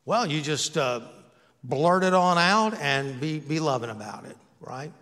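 A pastor preaching in his own church, and his voice sits a little high for a man. He talks to the congregation in an easy, conversational way, with jokes and self-mocking asides. The sanctuary adds a long, ringing reverb to every line. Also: expressive, measured pace, a bit bright. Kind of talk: sermon.

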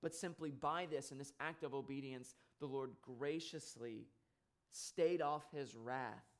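A man preaching a sermon in an earnest way, rising louder on key points and dropping soft on sad ones. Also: medium pitch, measured pace.

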